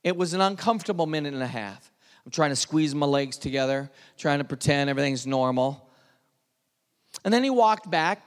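A man's voice: on the high side, lively intonation, fairly quick. Man telling his story in an echoing hall. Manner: earnest storytelling, drops to hushed tones at tense moments. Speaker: speaker telling his testimony. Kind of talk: personal testimony talk.

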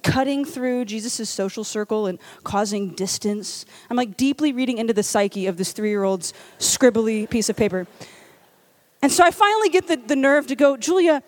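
A woman from Louisiana tells a funny story as part of a church talk, chatty and self-mocking. Her voice is high and swings widely in pitch. She fills her speech with casual "like"s. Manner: animated, self-deprecating, chatty with many "like"s. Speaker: church speaker. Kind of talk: comedic storytelling sermon.

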